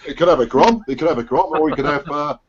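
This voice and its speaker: A man's voice: on the high side, fast talker, breathy edge. A man with a Suffolk accent hosting a casual biker hangout over a video call, chatty and rambling, with lots of fillers and restarts. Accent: English, Suffolk. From England. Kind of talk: casual chat. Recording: dull lo-fi video call audio.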